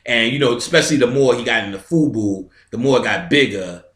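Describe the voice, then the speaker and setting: A man's voice: medium pitch, fairly quick, fairly bright tone. A middle-aged man telling a story in a casual lecture, streetwise and profane, imitating sounds as he goes. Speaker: metaphysical lecturer. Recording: roomy echo.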